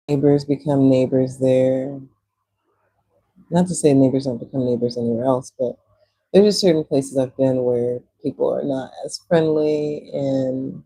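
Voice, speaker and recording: A woman's voice: a bass voice, warm tone, slightly rough, poor audio. A woman from Texas with a Texan accent, chatting casually with viewers on a livestream and laughing often. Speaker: livestream host. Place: Puerto Rico.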